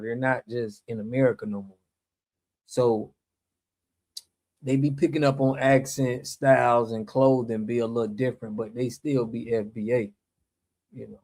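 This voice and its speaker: A man's voice: mid-range voice, darkish tone. A man hosting a reaction channel, talking to viewers in a laid-back, conversational way. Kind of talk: casual commentary.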